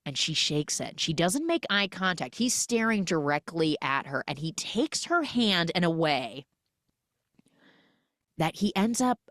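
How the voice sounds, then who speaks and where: Low-voiced woman animatedly recapping a movie. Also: measured pace, no echo, studio quality. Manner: animated retelling that acts out characters' lines; frequent filler "like". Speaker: podcast host. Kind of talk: casual movie recap podcast.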